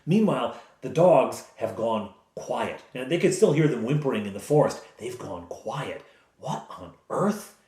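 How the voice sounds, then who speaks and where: A man who is the game master, recounting a tabletop game session as an animated storyteller. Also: medium pitch, measured pace. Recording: echoey room.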